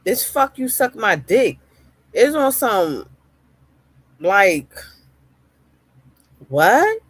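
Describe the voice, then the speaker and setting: A woman's voice: mid-range voice, big pitch swings, drawn-out words, husky, no room sound. A woman streamer ranting heatedly in live-stream reaction commentary, swearing often and repeating phrases for emphasis.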